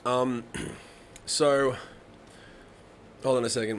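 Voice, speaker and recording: A man's voice: medium pitch, brisk, fairly bright tone, slight background noise. Swearing man chatting on a live stream. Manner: swears freely, rambling anecdotes with laughs. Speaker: live-stream songwriting host. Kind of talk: casual chat to a live audience.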